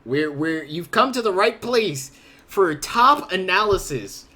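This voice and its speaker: A man's voice: high voice, lively intonation, unhurried, bright, forceful tone. A man co-hosting a casual podcast, laughing often and teasing his friend. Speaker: podcast co-host. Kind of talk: casual chat.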